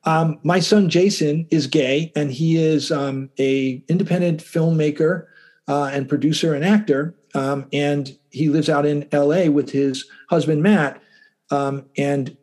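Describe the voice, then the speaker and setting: A calm, even-keeled middle-aged man, a lawyer and writer, speaking as an interview guest with halting restarts. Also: on the high side. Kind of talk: casual interview talk.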